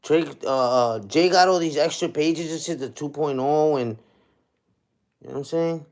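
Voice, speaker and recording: A man in his forties chats loosely into his phone on a livestream, his voice sitting a little on the high side. He talks in street slang and keeps tagging his lines with "you heard?". He reacts to viewer comments as he goes. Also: normal speed. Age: 40s. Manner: reads and answers viewer comments. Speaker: livestream host. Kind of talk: casual livestream chat.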